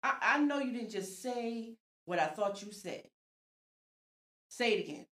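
Lively mom in a roomy echo. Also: female voice, on the high side, a little slow. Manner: animated, acts out scolding her kids. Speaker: podcast co-host. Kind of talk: casual chat.

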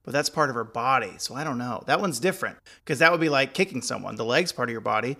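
A man's voice: medium pitch, quick pace, gravelly. A man co-hosting a casual chat while watching wrestling, telling stories and joking. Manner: joking, animated storyteller. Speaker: podcast co-host.

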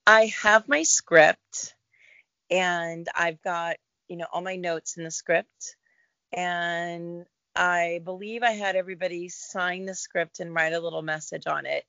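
A middle-aged woman, a guest actor, talking in a relaxed, reflective interview about her career. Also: fairly low pitch, unhurried, vocal fry, no echo, lo-fi sound. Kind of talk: casual interview chat.

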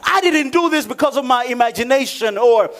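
A man with a very high speaking voice preaches a sermon in an emphatic style. He asks his listeners questions and laughs often between points. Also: animated, brisk, a bit bright. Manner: emphatic preaching with sudden drops to a low, joking aside voice. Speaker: pastor.

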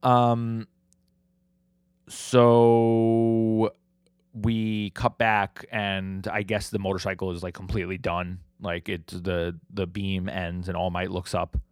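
A man with a lower-pitched voice hosts a podcast and recaps comic chapters in loose, rambling talk. He leans on "like" and drops the odd swear word. The sound is dry and close on a podcast mic. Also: level tone, takes it slowly, clear, resonant tone, no room sound. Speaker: podcast host.

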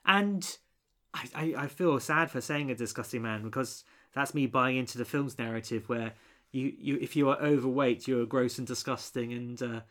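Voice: mid-range voice, normal speed, a bit bright. A co-host reviewing a film in casual chat, rambling with many restarts and fillers.

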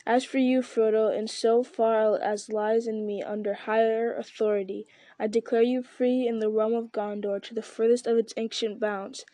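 A woman voicing a stern, just male captain who speaks in a measured, formal way. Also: on the high side, warm tone, no echo, close to an everyday voice.

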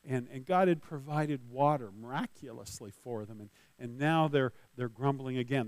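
A man's voice: mid-range voice, a little mellow, no echo. A man giving a sermon as a pastor, talking in a loose conversational way with restarts and light laughs, and reading scripture with rising force.

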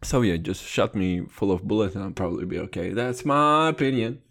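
A young man whose first language isn't English hosts a crude, comedic podcast, rambling playfully, swearing constantly, and laughing at his own jokes right against a close mic. He talks fast in a deep, steady, darkish voice with a breathy edge.

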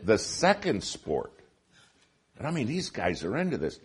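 A man preaching a sermon in an auditorium, telling stories with lively swings from hushed to loud. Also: fairly low pitch, a little slow, husky. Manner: animated storytelling, shifting from hushed to loud.

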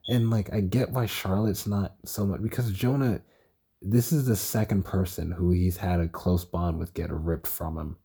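A man's voice: low voice, steady tone, normal speed, vocal fry, mellow, husky. A young man talking casually on his own podcast, tired, stuttering and swearing as he rambles. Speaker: podcast host. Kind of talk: casual solo podcast about a TV show.

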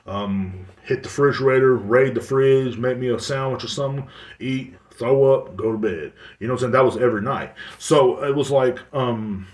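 A man's voice: medium pitch, normal speed. A man hosting a podcast, telling a long story in a casual, rambling, profane way. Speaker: podcast host. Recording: roomy, distant mic.

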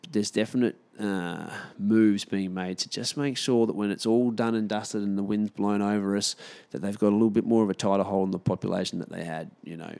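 A man's voice: on the low side, gravelly, mellow. A man hosting a podcast, giving his opinions in a rambling, swearing monologue full of restarts.

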